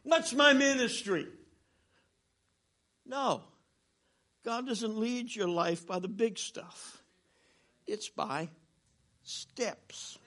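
An older man preaches a sermon in a high, bright voice. He tells stories with jokes, his volume dropping to a hush and then swelling again. He speaks as a seasoned traveling minister. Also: slow, pauses often. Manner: animated storytelling with jokes, swinging from loud to hushed.

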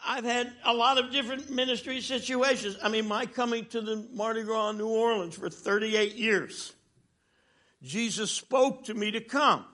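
A man in his sixties preaching a sermon as a traveling minister, telling stories with jokes and swinging from loud to hushed. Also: extremely high pitch, normal speed.

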